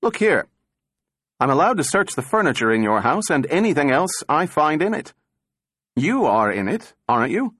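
A man voicing a fussy, nervous little male official who blusters and pushes his voice higher. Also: big pitch swings, moderate pace, fairly bright tone, dry recording, clean studio sound. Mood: blustering.

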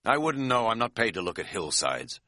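A man's voice: fairly low pitch, big pitch swings, normal speed, sharp tone, dry recording, studio quality. A man voicing an overweight, suspicious male security guard who is stubborn and bureaucratic. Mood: officious.

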